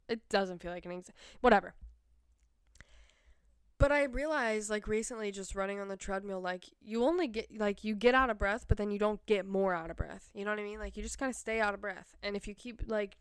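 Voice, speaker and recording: Young woman vlogger, smooth clear voice, dry close sound, chatty and rambling. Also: mid-range voice, no room sound. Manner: chatty, filler-heavy, laughs often. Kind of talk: rambling casual monologue.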